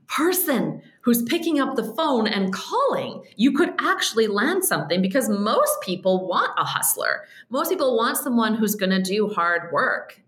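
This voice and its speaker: A woman, a podcast guest, telling stories in a casual chat, animated and quick, often saying "like" and "um". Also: on the high side, roomy sound. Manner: animated, quick storytelling with frequent "like" and "um".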